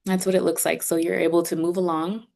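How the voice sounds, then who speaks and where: In an online class walkthrough, a woman speaks for a sign language instructor, explaining things step by step in a conversational, upbeat manner. Her voice is on the low side, gravelly, and a little mellow, and she talks fast with a flat delivery.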